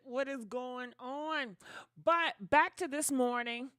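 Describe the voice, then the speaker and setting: High-voiced chatty woman livestreamer. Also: slow, fairly bright tone, smooth, no echo, studio quality. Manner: chatty, dramatic, laughs and thanks donors. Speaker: gossip channel host. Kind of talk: casual livestream chat with viewers.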